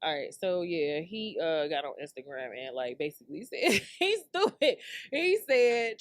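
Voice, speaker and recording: A woman's voice: lowish voice, big pitch swings, a little slow, no echo. Laughing woman podcaster in a dry room. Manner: loose, joking, slangy and laughing often. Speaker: podcast host. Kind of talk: casual solo rant.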